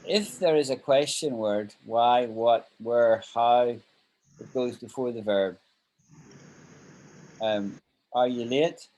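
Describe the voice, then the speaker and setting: A man's voice: medium pitch, slow pace, long pauses, a little mellow, poor audio. A man teaching an online English grammar lesson, patiently walking through example sentences and checking that his students follow.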